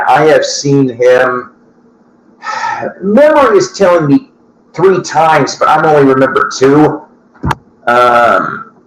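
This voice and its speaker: A man with a medium-pitched voice rambles casually to the viewers of his record-collecting show. He swears and laughs at his own asides while chatting loosely. The echoey room carries slight background noise.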